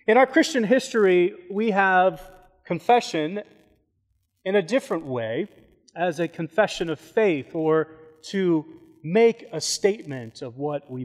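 A male pastor giving a sermon in a church, leading a prayer and then telling stories in a conversational way with joking asides. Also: sits high. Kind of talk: sermon with storytelling. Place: church sanctuary. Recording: long hall reverb.

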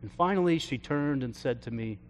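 A man, a pastor, telling a story from his counseling work in an earnest sermon, often trailing off softly at the ends of phrases. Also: medium pitch, lively intonation, slight background noise. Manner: slow, earnest storytelling with soft trailing endings. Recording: long hall reverb.

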